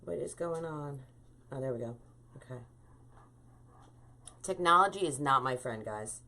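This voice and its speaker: A woman with a slightly low voice hosts a live wreath-making stream. She chats freely and greets each viewer by name as she works through the tutorial. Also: expressive, normal speed, bright, forceful tone, a little hiss or hum. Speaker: wreath designer hosting a live craft stream.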